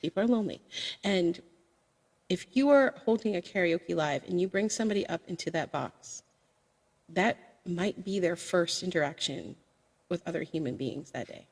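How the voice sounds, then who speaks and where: A woman's voice: lowish voice, lively intonation, moderate pace, darkish tone, slightly rough. A woman who streams karaoke, talking frankly and chattily as a podcast guest, with sassy asides. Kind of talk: casual podcast chat. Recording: long reverb.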